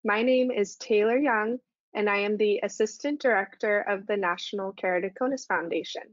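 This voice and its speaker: A woman's voice: medium pitch, moderate pace, no room sound, dull audio. A woman, assistant director of a foundation, reading a prepared welcome to open a podcast. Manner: reads a prepared welcome evenly. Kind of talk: scripted introduction.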